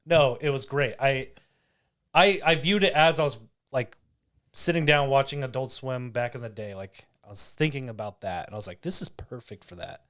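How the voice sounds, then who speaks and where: A man's voice: medium pitch, normal speed, a bit bright. A young man co-hosting a casual chat, rambling with restarts and goofy jokes. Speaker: podcast co-host.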